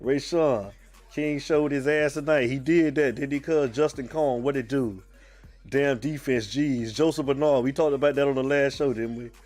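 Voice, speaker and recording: A man hosting a live sports fan stream, a little sick and under the weather, yet still animated. He drawls out his greetings and shouts out commenters by name. Faint music plays behind him. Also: mid-range voice, moderate pace. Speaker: host of a live fan show. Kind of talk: casual live-stream chat, greeting viewers.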